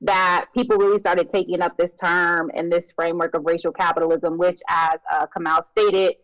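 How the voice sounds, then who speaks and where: A female academic guest answering interview questions from her home in a measured, explanatory way. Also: on the low side, little pitch movement, fairly bright tone, no room sound, low-quality recording.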